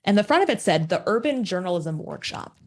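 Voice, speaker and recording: A woman in her forties from Minnesota, telling her story as a podcast guest with lively rhetorical questions. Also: mid-range voice, fairly quick. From Minnesota, USA. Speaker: podcast guest, agency founder. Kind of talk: casual interview storytelling.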